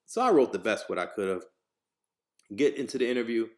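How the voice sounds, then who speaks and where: This man's voice is fairly low and his delivery fairly quick. Hosting a podcast, the New Jersey native tells a profane, animated story and imitates the people he quotes.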